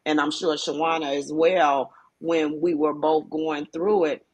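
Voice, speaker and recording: A woman guest telling her own story on a talk show, speaking hesitantly with many restarts and pauses. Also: low voice, level tone. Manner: hesitant, with frequent restarts and fillers. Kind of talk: personal testimony on a talk show.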